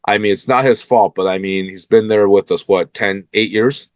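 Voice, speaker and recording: A man's voice: lowish voice, fairly even intonation, moderate pace, no echo. A man hosting a sports talk show, fired up and emphatic as he calls out the team's owners.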